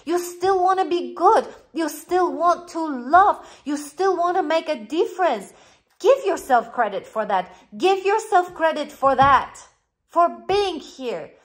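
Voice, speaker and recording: A woman life coach, speaking English as a second language, giving an earnest, encouraging motivational talk straight to her viewers. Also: high-pitched. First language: not English. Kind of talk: motivational monologue to camera.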